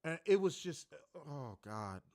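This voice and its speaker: A man's voice: a little high, sing-song, slow, darkish tone, dry recording, clean studio sound. A man co-hosting a wrestling review in casual chat, sarcastic and exasperated, often restarting his sentences. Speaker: wrestling show co-host.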